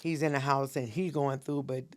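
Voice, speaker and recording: A woman's voice: a bass voice, fairly even intonation, moderate pace. A middle-aged woman, a minister telling an intense personal story as a podcast guest and acting out what people said.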